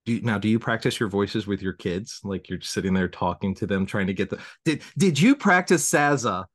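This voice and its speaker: A man's voice: lowish voice, animated, fairly quick, dry recording, clean studio sound. A man with a Southern US accent hosting a podcast interview, chatting casually, self-deprecating, stammering and often laughing. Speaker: podcast host.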